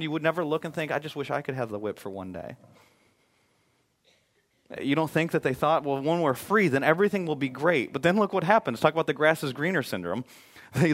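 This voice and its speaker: A male pastor preaching a sermon in a conversational, joking way, swinging between emphatic loud points and quiet, hushed ones. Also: on the high side.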